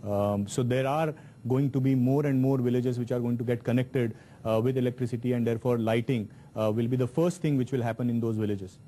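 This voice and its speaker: A man's voice: mid-range voice, fairly even intonation, brisk, warm tone, a little hiss or hum. A man, an industry executive answering steadily and factually on a panel with many fillers.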